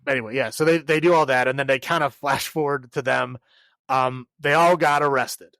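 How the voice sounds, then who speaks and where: A man's voice: medium pitch, normal speed, fairly bright tone, clean tone, no echo. A man co-hosting a podcast, casually recapping a film in a rambling way, full of filler words and laughs. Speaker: podcast co-host.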